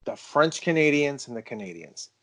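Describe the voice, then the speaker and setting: A middle-aged man co-hosting a martial arts podcast, telling stories in an animated, boastful way. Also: fairly high pitch, moderate pace, a crowd in the background. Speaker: podcast co-host. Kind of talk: casual chat.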